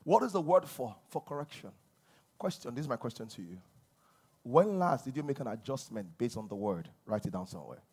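A man preaching a sermon as a pastor, swinging between loud emphasis and quiet asides. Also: mid-range voice, very animated, a little fast, husky.

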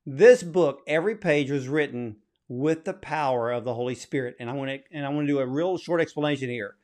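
A man's voice: medium pitch, brisk, darkish tone. A man hosting an interview who asks questions in an earnest, admiring way. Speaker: podcast host.

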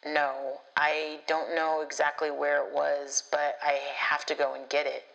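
A woman with a low, gravelly voice narrates her own story. She tells it breathlessly and dramatically, letting a curse slip now and then. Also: level tone, measured pace, fairly bright tone, dull audio. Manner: breathless, dramatic, swears at times. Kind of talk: first-person storytelling.

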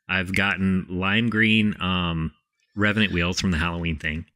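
Male co-host, Texan accent, deep but bright voice, enthusiastic casual chat. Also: fairly even intonation, unhurried. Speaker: podcast co-host.

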